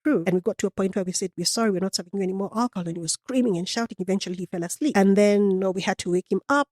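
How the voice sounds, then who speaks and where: Woman interviewee, animated storyteller, warm dark tone, dry close sound. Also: mid-range voice, racing, no echo. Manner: animated storyteller acting out quoted dialogue. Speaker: guest, customer service coach.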